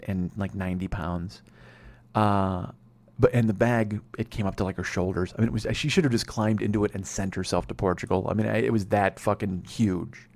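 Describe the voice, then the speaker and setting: A man's voice: on the low side, a little mellow. A man in his forties, a comedy podcast host telling a rambling, profane, sardonic story. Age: 40s.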